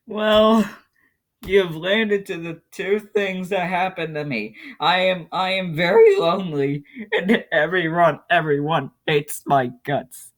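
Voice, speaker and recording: Slow, lively-pitched young man rambling. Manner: rambling, self-mocking, breaks into laughter. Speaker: YouTuber playing a web game. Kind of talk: casual commentary.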